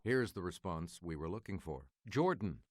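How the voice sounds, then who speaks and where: Lively low-voiced male quiz show host. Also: very noisy. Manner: measured, formal reading of quiz clues. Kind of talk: scripted game show hosting.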